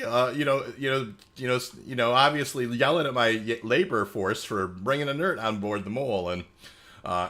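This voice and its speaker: A man streams a game and chats loosely with his viewers, his talk full of fillers and asides. His voice is bright and very lively in pitch, climbing high when he gets excited. He reads chat messages aloud and answers them in an easygoing way. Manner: rambling, chatty, many fillers. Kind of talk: casual livestream chat.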